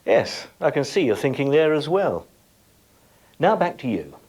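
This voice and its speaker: A man's voice: fairly high pitch, sing-song, a little slow, darkish tone, slightly rough. A middle-aged man giving a scripted lesson as a teacher, addressing viewers directly and setting them tasks. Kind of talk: scripted educational presentation.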